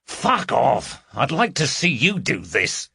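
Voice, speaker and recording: A man voicing a gruff, impatient man burglar who snaps curt, swearing replies. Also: mid-range voice, very animated, slow pace, bright, forceful tone, no room sound, studio quality, pitched above the performer's own voice, full character voice. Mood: snapping.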